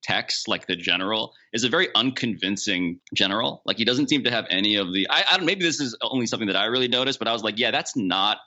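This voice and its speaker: A man co-hosting a comedy podcast, commenting on a movie with quick animated asides. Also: fairly low pitch. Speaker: podcast co-host. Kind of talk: casual comedic chat. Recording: dull lo-fi audio.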